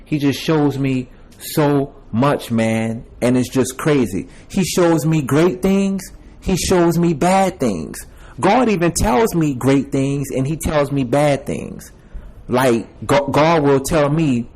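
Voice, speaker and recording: A young man with a medium-pitched, slow and slightly mellow voice gives a repetitive, emphatic personal testimony, calling his viewers "y'all" and "man." He's a self-made video preacher, and the recording is rough.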